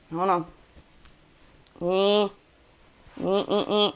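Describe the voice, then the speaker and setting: A woman's voice: mid-range voice, normal speed. A woman hosting a casual live-stream chat about makeup, gushing and chatty, full of "like" and "oh my gosh". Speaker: beauty channel host.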